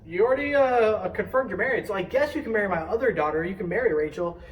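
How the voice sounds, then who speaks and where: A man's voice: high voice, lively intonation, fast, recorded from a distance, rough recording. A man doing a shrewd, offhand old father. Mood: sly. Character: shrewd older father, casual and scheming.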